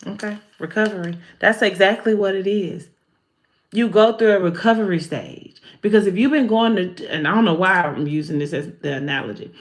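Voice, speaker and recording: Speaking with a medium-pitched voice, a woman card reader gives a spiritual talk on a live stream. She's animated, humorous and preachy, with a folksy way of talking.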